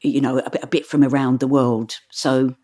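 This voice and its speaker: Low-voiced woman, animated storyteller. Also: moderate pace. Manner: animated, stumbles and restarts while telling stories. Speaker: audiobook narrator. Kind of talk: interview answers.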